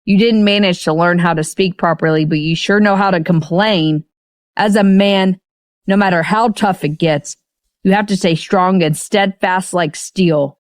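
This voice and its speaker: A woman's voice: fairly low pitch, unhurried, no echo, studio quality, lightly acted. A woman voicing a young father who lectures his son sternly. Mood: lecturing. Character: young man, bossy husband and father.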